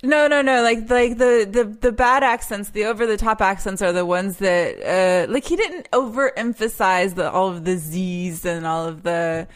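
A woman's voice: medium pitch, normal speed, few pauses. A woman co-hosting a casual film chat, talking emphatically and laughing often. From lives in France. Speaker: podcast co-host.

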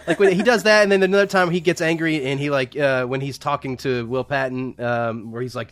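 A man co-hosting a casual movie podcast, excitable and quick to laugh, swearing often. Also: medium pitch, dry recording. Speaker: podcast co-host.

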